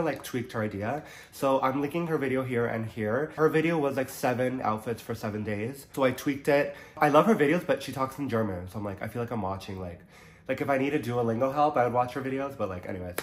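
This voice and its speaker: Chatty young man, stuffy nasal voice. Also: medium pitch. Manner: chatty, many "like" fillers, upbeat. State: nasal from allergies. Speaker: fashion vlogger. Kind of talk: casual chat to camera. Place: Toronto.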